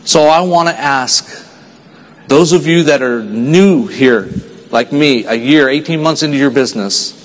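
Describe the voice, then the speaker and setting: A man's voice: mid-range voice, measured pace. Earnest storytelling man in a reverberant hall. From Texas. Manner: earnest storytelling, dropping quiet for sad moments. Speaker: speaker at a sales convention. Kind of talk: motivational stage speech.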